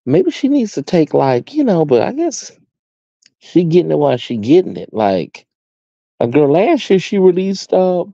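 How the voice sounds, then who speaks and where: A man's voice: on the high side, big pitch swings, moderate pace, creaky, dark tone, no echo, highs cut off. A man with an American accent hosting a casual live stream, chatting sassily with his viewers and calling them honey and baby. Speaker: host.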